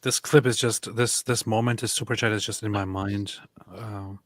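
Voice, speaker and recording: A man co-hosting a livestream, reading out viewer messages in a halting casual way, often chuckling. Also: lowish voice, fairly even intonation, a bit bright, no room sound, clean studio sound. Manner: halting, many fillers and restarts, chuckling. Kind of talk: casual chat.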